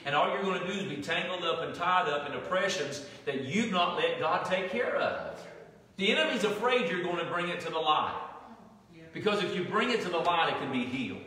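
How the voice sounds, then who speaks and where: A man's voice: on the high side, bright, forceful tone. A man with a Southern US accent preaching a sermon as pastor, folksy and conversational, often restarting his sentences. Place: church sanctuary. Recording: echoey hall from far off.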